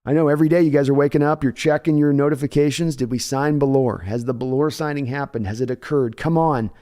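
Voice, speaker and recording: A man hosting a casual sports livestream, chatting in a joking, animated way and thanking viewers by name. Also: a little high, quick pace. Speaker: sports show host.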